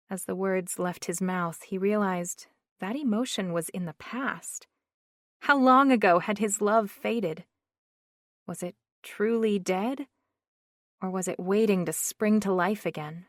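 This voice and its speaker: A woman narrating an audiobook in a slow, measured reading. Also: medium pitch, no room sound, studio quality.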